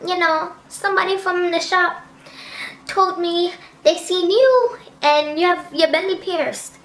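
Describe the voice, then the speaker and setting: Shrill dramatic Jamaican grandma. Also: female voice, unhurried, fairly bright tone, reverberant, heavily acted. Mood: scolding. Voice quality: high-pitched, mad dramatic. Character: dramatic high-pitched Jamaican grandmother, old woman.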